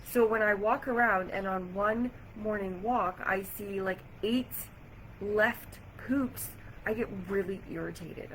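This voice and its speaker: A woman vlogging to camera, chatty and animated as she retells an irritating day, with lots of "like". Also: mid-range voice, slow pace, a little hiss or hum, rough recording. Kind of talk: casual storytelling to camera. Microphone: camera or phone mic.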